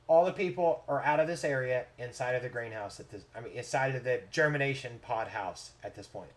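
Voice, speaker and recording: A man runs a tabletop game as its game master. His voice sits at an ordinary middle pitch, and his narration stays playful, often breaking into laughter. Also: brisk.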